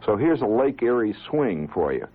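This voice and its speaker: A man and amateur radio operator giving an informal, animated talk to listeners, chuckling now and then and often restarting his sentences. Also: on the low side, moderate pace, breathy edge, narrow, tinny audio.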